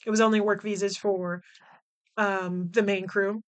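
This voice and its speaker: A woman hosting a casual podcast, chatting in an animated way with frequent laughs and fillers. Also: mid-range voice, unhurried. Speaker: podcast host. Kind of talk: casual podcast chat recapping a film.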